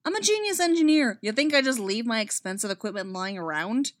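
A woman putting on a brash male genius inventor who talks through a tiny robot, flippant and teasing. The voice jumps up high and bright, loud and lively in pitch, with a very dry close sound in a storybook reading. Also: brisk, no room sound, close to an everyday voice. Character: cocky, fast-talking male genius inventor speaking through a little robot.

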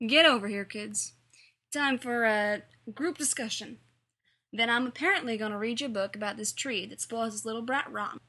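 A woman puts on a surly young male teacher, blunt and sardonic, calling out loudly. The voice is bright with a breathy edge. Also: a little high.

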